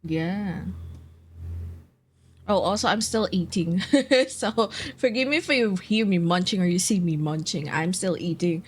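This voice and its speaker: Just awake, a young woman streamer chats casually with her viewers in a low, groggy voice at a measured pace. Laid-back, she eats while talking, laughs often, and swears easily.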